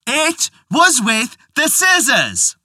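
A storyteller voicing a stubborn, defiant wife who repeats herself slowly in a raised voice. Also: wildly swooping pitch, pushed and bright, dry recording, studio quality, exaggerated voice. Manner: slow, high, insistent repetition. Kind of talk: storytelling voice acting.

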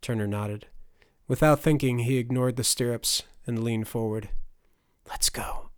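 A man narrating a fantasy audiobook in a steady, expressive storytelling manner. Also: medium pitch, normal speed, clean tone, no echo, clean studio sound.

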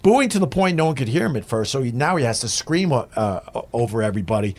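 A man's voice: mid-range voice, very animated, fast. A middle-aged man, a former radio host, telling a rambling, profane story as a guest. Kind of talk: casual storytelling.

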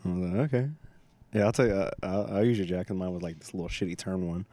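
A young man with a fairly low, warm, mellow voice hosts a casual chat. He tells stories in an animated way, swears freely and laughs often. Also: quick pace, no room sound. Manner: animated, profane, laughing storyteller. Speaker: podcast host.

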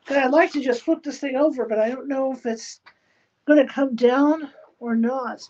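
A woman's voice: high voice, moderate pace, darkish tone. Woman muttering through a crafting stream. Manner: mutters to herself while narrating each step. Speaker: livestream host. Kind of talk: casual running commentary while crafting. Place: spare bedroom at home used as a studio. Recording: dull lo-fi sound with faint noise.

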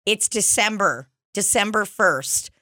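A woman's voice: mid-range voice, lively intonation, slow pace, bright, forceful tone, dry recording, studio quality. A woman playing a strict, exasperated female school chaperone who scolds a child in an improvised comedy bit. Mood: scolding.

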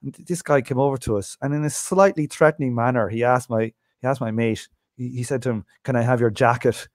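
A man's voice: medium pitch, fairly even intonation, fast, no echo, studio quality. An Irish man co-hosting a podcast, swearing freely and spinning anecdotes in casual chat. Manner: profane anecdotal storyteller. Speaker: podcast co-host.

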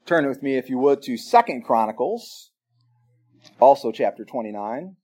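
A man preaching a sermon, telling a story with emphatic swings between loud exclamations and quiet asides. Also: mid-range voice, animated, normal speed. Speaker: pastor.

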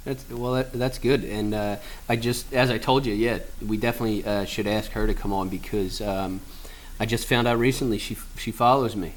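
A man's voice: fairly low pitch, steady tone, fairly quick. Laid-back male podcast co-host, faint hiss. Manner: laid-back, dry banter with laughs. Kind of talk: casual podcast chat.

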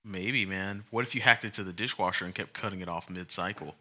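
A man's voice: sits low, brisk, pushed and bright. A man co-hosting a casual chat show, joking around and acting out little scenes. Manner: jokey, acts out little scenes in funny voices. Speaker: podcast co-host.

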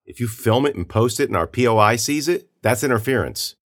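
A man's voice: mid-range voice, expressive, brisk, voice pushed up, natural voice. Man playing a terse, commanding investigator. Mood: firm. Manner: terse, matter-of-fact. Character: blunt male investigator, calm and commanding.

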